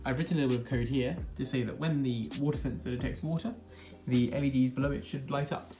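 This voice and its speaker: A man's voice: mid-range voice, steady tone, fast talker, warm tone. A man casually narrating a DIY vlog, upbeat and explaining each step as he tinkers. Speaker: maker demonstrating a project. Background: faint background music.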